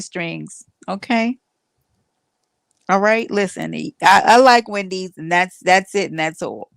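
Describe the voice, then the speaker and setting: A woman's voice: on the low side, slow, gravelly, dry recording. A woman hosting a casual livestream, chatting with viewers and teasing them with playful mock outrage. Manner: rambling with restarts and fillers. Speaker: livestream host.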